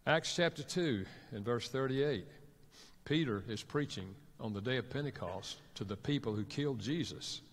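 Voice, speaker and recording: A man's voice: medium pitch, normal speed, big-room sound. A man preaching a sermon as a pastor and counselor, telling stories and acting out what couples say to each other. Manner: storytelling, acts out quoted couples in dialogue.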